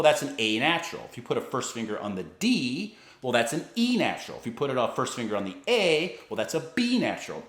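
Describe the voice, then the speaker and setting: A man's voice: on the high side, a bit bright. Man teaching violin in an echoey room. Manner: patient, explanatory, counts beats aloud. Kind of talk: instructional explanation.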